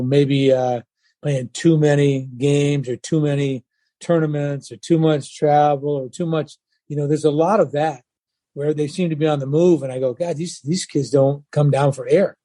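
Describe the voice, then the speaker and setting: An older retired baseball coach with a fairly high-pitched voice recounts stories in an interview. He's animated and acts out the people he quotes, and there's no echo.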